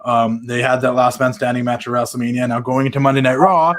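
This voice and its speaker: A man's voice: medium pitch, steady tone, quick pace. Chatty man asking questions. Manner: chatty, lots of likes and ums. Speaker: podcast co-host. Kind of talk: casual interview questions.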